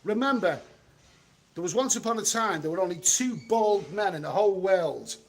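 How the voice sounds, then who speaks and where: A man's voice: sits high, lively intonation. A middle-aged man reading out live chat on a travel livestream, talking bluntly and chattily, recorded outdoors on a street. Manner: blunt, chatty, quick to snap at trolls.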